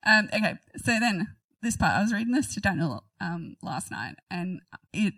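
A woman's voice: medium pitch, a bit bright, dry recording, far from the mic, low-quality recording. A woman reading a Bible passage aloud and commenting on it in a chatty, giggly way. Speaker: Bible teacher.

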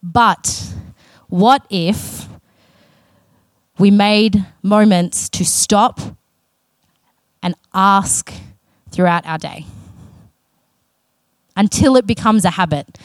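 A woman's voice: medium pitch, very slow, long pauses, no room sound. A woman preaching a sermon in an earnest, conversational way, with casual self-aware asides.

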